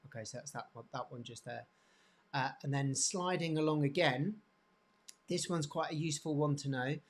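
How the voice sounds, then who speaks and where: A man teaching hand anatomy off the cuff, pointing to bones, with many restarts and frequent throat clearing. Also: a little high. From England. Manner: halting, repeats words, frequent throat clearing. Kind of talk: unscripted teaching demonstration.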